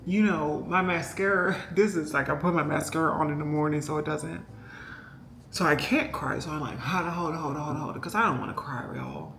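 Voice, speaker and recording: A woman's voice: low voice, expressive, normal speed, vocal fry, a bit bright. A woman vlogger telling a story in a casual, rambling and emotional way, with many fillers and asides to her viewers. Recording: echoey room with faint music behind.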